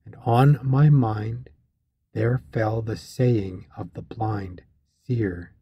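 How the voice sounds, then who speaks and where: A man narrating a classic epic for an audiobook, in a slow, measured, solemn reading with archaic phrasing. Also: fairly low pitch, mellow, husky, dry recording, clean studio sound.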